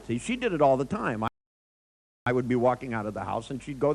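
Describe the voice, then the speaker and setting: A man's voice: medium pitch, quick pace, poor audio. A man telling a story to an audience, acting out the dialogue with wry chuckles. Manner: animated, acts out dialogue in quotes. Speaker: speaker.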